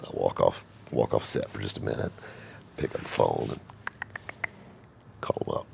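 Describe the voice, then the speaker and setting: A man's voice: very deep voice, moderate pace, vocal fry, a little mellow, slightly rough. A middle-aged man telling a rambling, folksy, self-mocking story to camera as the host of his own show.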